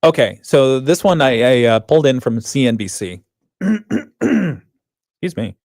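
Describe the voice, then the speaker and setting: A man's voice: medium pitch, sing-song, a little slow, vocal fry, a little mellow, no echo. A man hosting a radio morning show, chatting and laughing often as he reads out headlines in a studio. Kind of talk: casual radio banter. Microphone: studio microphone.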